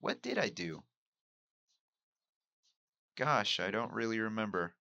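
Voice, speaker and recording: A man from Mexico thinks out loud in a candid solo podcast monologue, questioning himself as he goes. His voice sits a bit low but has a sharp, forceful edge. The sound is dry, with no room echo. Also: huge pitch swings, takes it slowly, gravelly, dull audio. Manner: musing, self-questioning, candid. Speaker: podcast host and amateur stand-up comic.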